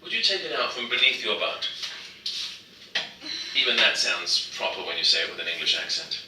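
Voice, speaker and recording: A man's voice: fairly low pitch, big pitch swings, moderate pace, far from the mic, noisy background. A man performing a mind-reading trick as a magician, with joking, teasing patter. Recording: roomy, from off the mic.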